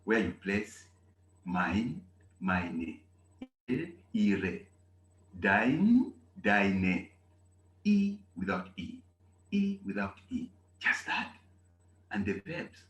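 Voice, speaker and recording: A man from Zambia, teaching a German class in an animated way and repeating key phrases. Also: fairly low pitch, extremely slow, long pauses. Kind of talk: online class lecture. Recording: echoey room with faint noise.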